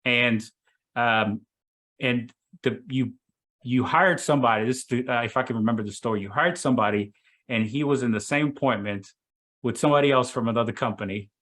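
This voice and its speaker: Halting man hosting a video call. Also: mid-range voice, a bit bright. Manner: halting, many restarts and fillers. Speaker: host.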